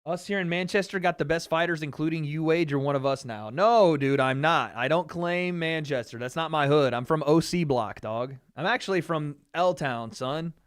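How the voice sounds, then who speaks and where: A man from Tennessee hosting a fight watch party stream, answering viewer questions in slangy, casual talk and cheering loudly when the action heats up. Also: on the high side, normal speed, hardly any pauses, clear, resonant tone. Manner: laid-back and slangy, swearing, gets loud cheering the fight. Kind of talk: casual livestream chat, reading viewer questions.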